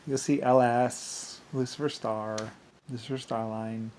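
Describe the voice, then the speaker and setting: A man's voice: medium pitch, fairly even intonation, unhurried, a little mellow, a little hiss or hum. Man, mid-range voice, meandering vlog monologue, frequent laughs. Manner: meandering, laughs often, keeps saying "anyway". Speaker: vlogger. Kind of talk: rambling monologue.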